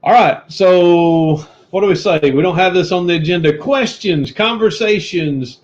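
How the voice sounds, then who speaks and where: Male livestream co-host, earnest and preachy, higher voice, muffled lo-fi stream sound. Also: normal speed. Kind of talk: casual livestream chat. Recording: dull lo-fi stream audio.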